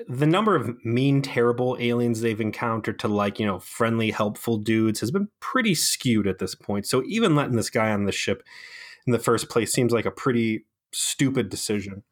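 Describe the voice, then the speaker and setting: A man co-hosting a casual comedic podcast, recapping a TV episode with sarcastic, animated storytelling and plenty of fillers. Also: medium pitch. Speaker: podcast co-host.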